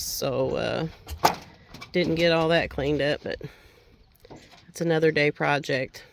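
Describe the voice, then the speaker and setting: A woman's voice: lowish voice, a little hiss or hum, low-quality recording. Tired, folksy woman vlogging outdoors. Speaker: homestead vlogger. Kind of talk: casual chat to camera. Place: outdoors by animal pens.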